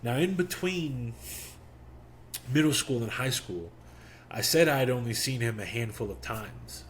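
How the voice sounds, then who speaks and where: A young man hosting a podcast, telling a personal story in a casual, animated way and acting out the quotes. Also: mid-range voice, measured pace, a little hiss or hum. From Miami. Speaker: podcast host.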